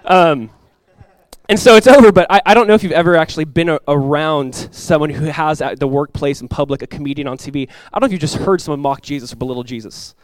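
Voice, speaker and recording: A young man preaching a sermon as a pastor, telling stories in a casual, animated way with many asides. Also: fairly high pitch, fast, no echo.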